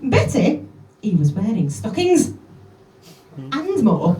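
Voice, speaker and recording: A woman's voice: mid-range voice, animated, moderate pace, a little mellow. Bold, cheeky woman poet. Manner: cheeky, bawdy rhyming delivery with chatty asides. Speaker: comic performance poet. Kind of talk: live comic spoken-word poetry. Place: live venue with audience. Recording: echoey room from a distance.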